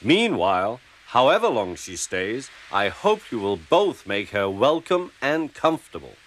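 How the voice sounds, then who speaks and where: A man's voice: medium pitch, very animated, a little slow, fairly bright tone. A man voicing a pompous, stout male railway boss who speaks in a formal, stately manner, with music underneath.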